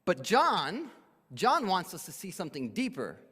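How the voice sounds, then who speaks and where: A man's voice: high-pitched, measured pace, slightly rough. Male pastor, emphatic sermon delivery, wide swings, echoey church hall. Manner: animated, emphatic, drops to quiet for weight.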